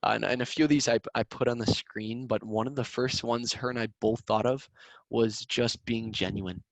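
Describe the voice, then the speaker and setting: A man's voice: mid-range voice, fairly even intonation, normal speed, dry recording, rough recording. A young man coaching students on a video call in an upbeat, casual way, often repeating words as he talks. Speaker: student sales competition coach.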